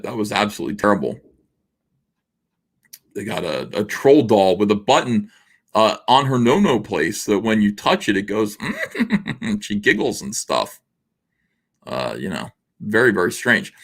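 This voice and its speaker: A man's voice: medium pitch, fairly bright tone. A man hosting a livestream, reading viewer messages and chatting in a rambling, casual way full of fillers. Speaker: livestream host reading super chats.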